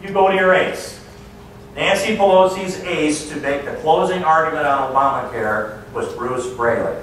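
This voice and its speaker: A man delivers a political stump speech in a folksy, mocking storytelling way. His voice sits fairly high. The sound is very echoey and distant, as if caught from the back of a big hall, with a faint hiss underneath. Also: moderate pace, a bit bright. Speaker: political speaker.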